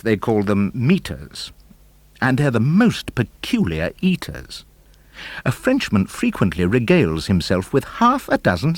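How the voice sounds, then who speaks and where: A man reading children's comic verse with a very animated, theatrical delivery, his pitch leaping and dropping with the rhythm. His voice sits at a middle pitch, and the studio sound is close and dry. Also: no room sound. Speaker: audiobook narrator. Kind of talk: expressive storybook verse reading.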